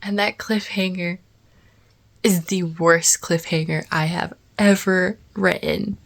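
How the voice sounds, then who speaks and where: A woman's voice: fairly low pitch, fairly even intonation, slow, vocal fry. Chatty young woman author vlogging. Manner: chatty, emotional, drops to whispers at times. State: morning voice. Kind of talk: casual vlog chat. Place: at home and outdoors.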